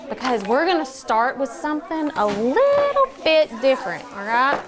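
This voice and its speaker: A woman teacher leading a small group of young children through a phonics lesson. She speaks patiently and prompts often, saying each word slowly and clearly. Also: high voice, sing-song. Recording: classroom with children talking nearby.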